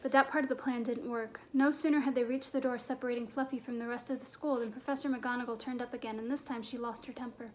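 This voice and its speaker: A woman narrating a children's fantasy novel aloud in a clear, steady storytelling manner. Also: on the high side, quick pace, hardly any pauses. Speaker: audiobook narrator.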